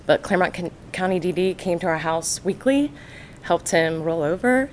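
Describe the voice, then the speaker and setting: A woman speaking as a parent at a county board meeting, nervous and halting, with many fillers. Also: on the low side, expressive, slight background noise. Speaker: parent giving testimony. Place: public meeting room.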